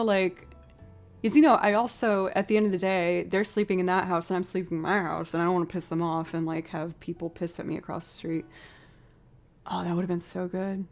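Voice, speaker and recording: A woman chatting with her stream viewers, telling a story in an animated way and acting out the voices of the people in it. Her pitch sits in an ordinary middle range. Faint music plays underneath her. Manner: animated storytelling, acting out both sides of a conversation. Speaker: livestream musician. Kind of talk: casual chat with live stream viewers.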